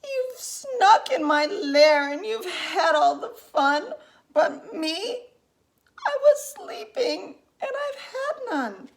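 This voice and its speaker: A woman voicing a big, sad male bear in a storybook reading, wailing and whining in a high voice. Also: sing-song, takes it slowly, exaggerated voice. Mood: whining, blubbering. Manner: blubbering, wailing, high whiny voice.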